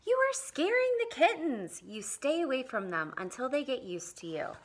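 A woman's voice: lively intonation, normal speed. A woman voicing a young girl who firmly scolds her dog, read aloud from a picture storybook. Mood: scolding. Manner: high, firm scolding.

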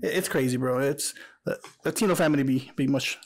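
A man's voice: medium pitch, fairly quick, noisy background. A young man co-hosting a podcast, chatting casually and telling blunt, joking stories. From Mexican-American. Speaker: podcast co-host. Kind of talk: casual chat.

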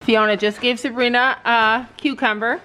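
A woman's voice: on the high side, fairly even intonation, normal speed, sharp tone, a little hiss or hum. A middle-aged Canadian woman chatting casually in a family vlog, explaining things in a motherly way. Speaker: vlogger mom.

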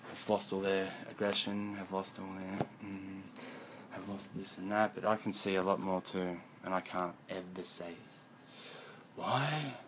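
Aussie bloke mumbling and cursing thru a rambling vlog, lowish voice, bit of background hiss. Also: male voice, fairly even intonation, a little slow.

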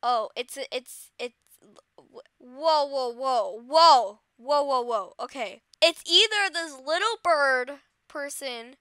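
A woman doing dramatic, excitable commentary over her game, swinging between wailing and squealing. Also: sits high, slow, no echo. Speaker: game video creator. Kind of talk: gameplay commentary.

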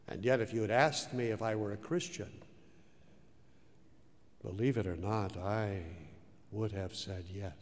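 Male pastor, unhurried sermon delivery, swings from loud to hushed, reverberant church hall. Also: on the low side. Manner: slow, dramatic preaching with wide swings between loud and hushed.

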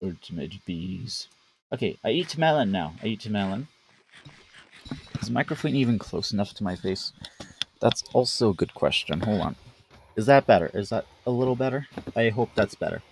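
A man's voice: lowish voice, expressive, fairly quick, slight background noise. A man streaming a game live, chatting casually, talking to the animals and using playful broken grammar. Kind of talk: live gameplay commentary.

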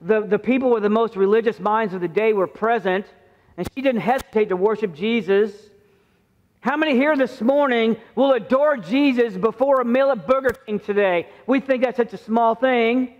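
A man's voice: extremely high pitch, moderate pace. A middle-aged man preaching a sermon as pastor in a conversational way, acting out the voices he quotes. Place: church sanctuary. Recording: muffled church sound with long reverb.

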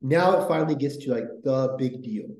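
Guy rambling excitedly about history, kinda mellow tone, echoey room. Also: mid-range voice, brisk. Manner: rambling, enthusiastic, full of fillers. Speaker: podcast host. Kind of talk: casual history podcast chat.

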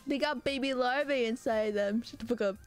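A woman streaming live who chats casually with her viewers, animated and prone to high squealing outbursts and laughter. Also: a little fast, faint music behind.

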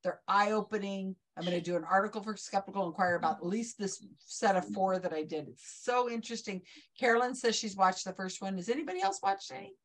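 Woman host, mid pitch, enthusiastic rambling chat over a video call. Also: lively intonation, fast. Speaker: trivia night host. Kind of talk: casual online group chat.

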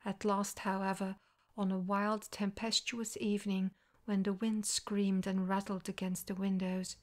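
A woman narrating a classic story in a soft, whispery, soothing voice for ASMR. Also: mid-range voice. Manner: soothing and slow-paced.

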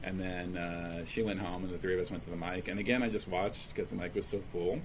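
A man with a fairly low voice chats casually on a comedy podcast, drifting through stories with lots of "uh"s and "you know"s. A faint hum sits under the recording. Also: fairly quick. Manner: relaxed, rambling storytelling with many fillers. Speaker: podcast co-host; stand-up comedian. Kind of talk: casual chat.

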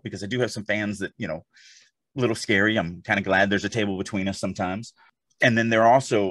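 A man's voice: fairly low pitch, fairly bright tone, no room sound. A man co-hosting a podcast, chatting casually in an emphatic, rambling way full of asides. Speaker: podcast co-host. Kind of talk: casual chat.

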